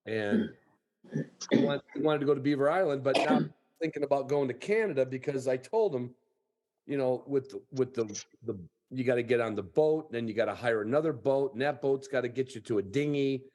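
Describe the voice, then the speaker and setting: A man's voice: medium pitch, darkish tone. Podcast host, male, mid-range voice, rambling folksy storyteller on a video call. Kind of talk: casual storytelling chat.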